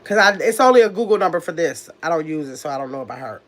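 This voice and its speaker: A woman's voice: low voice, lively intonation, fast, fairly bright tone. A woman hosting a casual livestream, reading viewer comments aloud and talking to her audience as "y'all" while sorting out a phone number, a little under the weather. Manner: chatty, distracted, talks to the chat as "y'all". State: recovering from illness. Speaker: livestream host.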